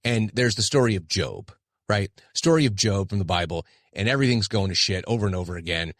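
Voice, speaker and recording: A man's voice: on the low side, animated, brisk, a bit bright, dry recording, studio quality. A middle-aged man hosting his own podcast, talking candidly and self-deprecatingly in a rambling casual monologue. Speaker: podcast host.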